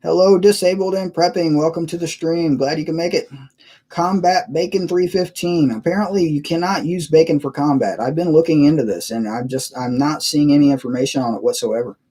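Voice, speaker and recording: Chatty man with a mellow voice. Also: fairly high pitch, brisk, slightly rough. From United States. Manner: rambling, chuckling, reads chat aloud. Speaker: live stream host. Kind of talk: casual live stream chat with viewers. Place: at his computer. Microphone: cheap webcam mic.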